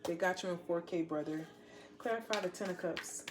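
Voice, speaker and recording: A woman's voice: lowish voice, brisk, heavy background noise. A woman giving a casual tarot reading to a viewer, blunt, slangy and teasing as she lays out the cards. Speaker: tarot reader.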